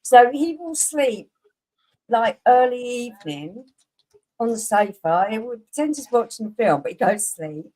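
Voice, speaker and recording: Woman, mellow tone, earnest chatty co-host. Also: on the high side, very animated, normal speed, rough recording. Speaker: live stream co-host. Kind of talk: casual chat.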